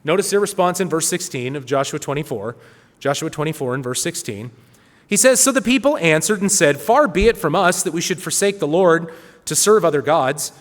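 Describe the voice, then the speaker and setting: A man's voice: fairly high pitch, lively intonation, fairly quick, big-room sound. A man giving a sermon, reading scripture aloud with earnest, rising emphasis. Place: church hall.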